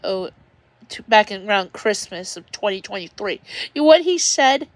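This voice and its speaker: A woman's voice: medium pitch, animated, normal speed, dry recording. A woman livestreaming from home, talking in a rambling, upset way and often restarting her sentences. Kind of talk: emotional personal livestream monologue.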